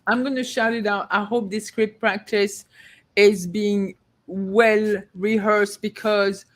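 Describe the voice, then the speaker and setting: A fast-talking podcast co-host who rambles through run-on sentences, stuffing in fillers. This speaker keeps jumping into little acted-out bits of client talk at a mid-range pitch. It sounds like casual chat among colleagues. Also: flat delivery, a bit bright. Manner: rapid, rambling, acts out clients' lines.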